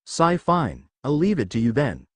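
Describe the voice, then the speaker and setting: A calm young male hero from a fan storybook, read by a man, easygoing with a quietly menacing streak. His voice stays animated in pitch, with a dry, close sound. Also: moderate pace, dry recording.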